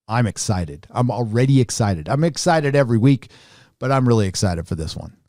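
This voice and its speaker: A man's voice: medium pitch, animated, fairly quick, a little mellow, no echo, clean studio sound. A middle-aged man hosting a casual commentary show, talking in a sarcastic, mocking way. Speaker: host.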